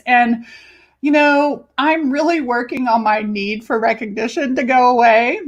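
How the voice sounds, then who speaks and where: Chatty woman podcast host, lively and cussing. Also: a little high, moderate pace. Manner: animated, chatty, swears freely, stretches words for emphasis. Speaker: life and business coach, podcast host. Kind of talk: casual podcast monologue.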